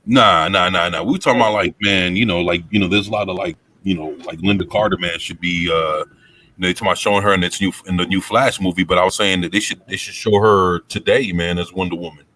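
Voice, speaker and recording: A man with a slightly low voice, talking loosely in a casual online chat. He rambles and circles back, peppering his talk with fillers and swearing. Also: fairly even intonation, quick pace, pushed and bright, a little hiss or hum. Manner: rambling, filler-heavy, profane. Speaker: co-host.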